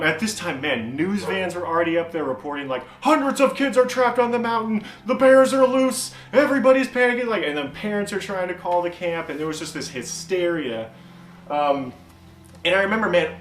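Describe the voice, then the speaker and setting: A man's voice: fairly high pitch, reverberant. A young man giving a casual youth sermon, telling a story with lots of energy and acting out the voices of the people in it. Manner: animated, acts out quoted voices, frequent "man" and "like". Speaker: youth pastor.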